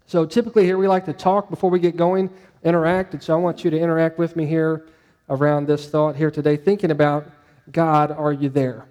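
A man's voice: fairly high pitch, flat delivery, brisk, a little mellow, long reverb tail. A male pastor preaching a sermon in a conversational way, putting questions to his congregation.

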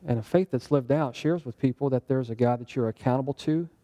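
Teaching a Bible lesson, this man speaks a little fast in a mid-range voice with a dark tone. His sermon is conversational and interactive, and he often puts questions to his listeners.

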